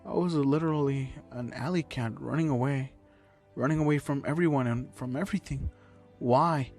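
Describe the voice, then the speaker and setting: A man voicing a troubled teenage boy who is near tears, speaking in a shaky, halting way. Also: mid-range voice, darkish tone, faint music behind, natural voice. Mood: tearful. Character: troubled teen boy hero student, tearful.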